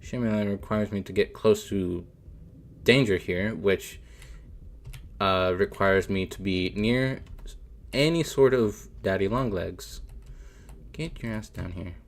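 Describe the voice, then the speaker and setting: A man's voice: lowish voice, takes it slowly. A man streaming a video game, muttering casual commentary to himself, jumpy and nervy as he plays. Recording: faint game music behind.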